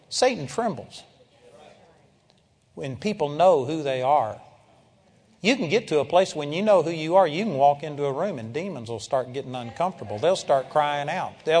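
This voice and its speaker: An older man preaches to his congregation, his voice pitched a little high and trailing a long reverb through the hall. He tells stories with animation and bursts into loud shouts of praise. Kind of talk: sermon.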